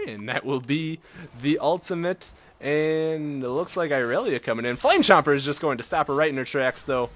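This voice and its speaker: A young man talks through his own match in a casual running commentary, his voice lifting and dropping all over the place. He is excitable and self-mocking, sliding from low mutters up to sudden yelps, and sits a little higher than most men. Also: moderate pace. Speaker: gameplay commentator. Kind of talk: casual live game commentary.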